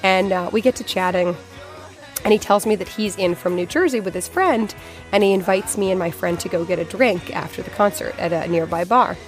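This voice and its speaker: A woman in her thirties from Boston, telling a personal story in a chatty, animated way, full of "like" fillers. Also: mid-range voice, brisk, faint music behind. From Boston, USA. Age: 30s.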